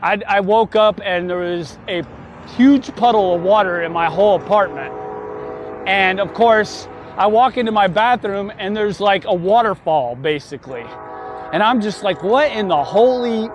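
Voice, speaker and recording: A man's voice: high-pitched, measured pace, a little hiss or hum. A man telling a story in a casual vlog while riding a bike outdoors, chatty and wry with frequent chuckles. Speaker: vlogger. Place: outdoors on city streets, riding a folding bike.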